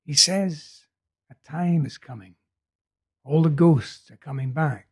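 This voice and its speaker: A man reading the part of a feverish young man urgently telling a vision, in a husky voice. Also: a little high, slow, darkish tone, exaggerated voice. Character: feverish young male prophet, intense and urgent.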